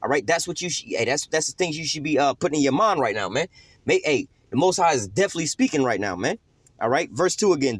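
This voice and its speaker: A young man preaching, his talk rambling, profane and full of slang. He speaks quickly, in a voice a little higher than most men's. The recording is close and dry, with no room around it. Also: lively intonation, breathy edge, no echo. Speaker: scripture teacher. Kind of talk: informal sermon.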